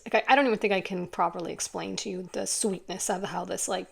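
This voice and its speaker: A woman giving a casual, earnest tarot reading, rambling warmly with many fillers and growing teary as she talks. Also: mid-range voice, steady tone, fast, vocal fry, hardly any pauses, breathy edge. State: tearful at times. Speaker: tarot reader.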